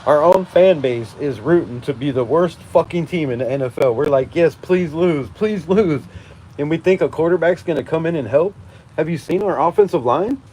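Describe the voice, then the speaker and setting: A man's voice: on the high side, expressive, fairly quick, darkish tone, slight background noise. A man in his forties hosting a live fan stream, ranting with heavy swearing and frequent laughter. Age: 40s. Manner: profane, emphatic, laughing often. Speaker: fan channel host. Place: outdoors at night during a storm.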